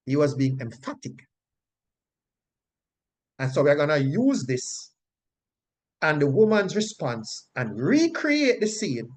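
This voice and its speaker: A man teaching a Bible study, emphatic and repetitive, checking in with "right?" and chuckling as he explains. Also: fairly high pitch. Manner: chuckles often while explaining.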